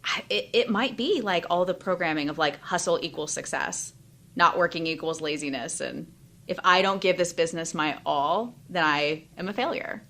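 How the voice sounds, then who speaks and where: A woman in her thirties, a life and business coach, talking openly and emotionally in an interview, with quick bursts of speech and many fillers. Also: lowish voice, bright, forceful tone. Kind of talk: candid interview conversation.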